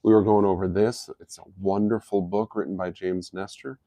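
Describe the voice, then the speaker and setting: A man's voice: low voice, steady tone, normal speed, mellow, no echo. A middle-aged man hosting a live health talk, explaining in an easygoing, casual way. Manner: easygoing, explanatory, chuckles at his own jokes. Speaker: host of a health live stream.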